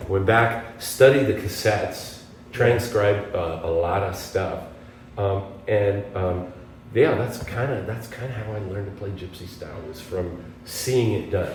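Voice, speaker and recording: A man from the United States, a guest guitarist, telling animated stories in an interview and acting out the voices of people he quotes. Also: lowish voice, a little slow. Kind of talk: storytelling interview. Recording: echoey room from a distance, faint background noise.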